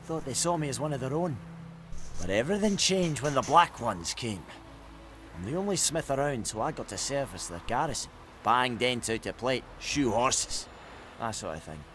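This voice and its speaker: An actor playing a bitter, sarcastic old dwarf blacksmith in a game, with a Scottish accent and a swearing manner. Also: male voice, mid-range voice, lively intonation, normal speed, a bit bright, soft background music, natural voice.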